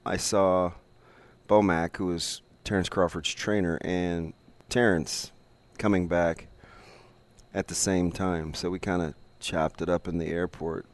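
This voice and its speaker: A man co-hosting a morning radio show, teasing his co-host in playful banter. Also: deep voice. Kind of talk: casual morning radio chat. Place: radio studio stage.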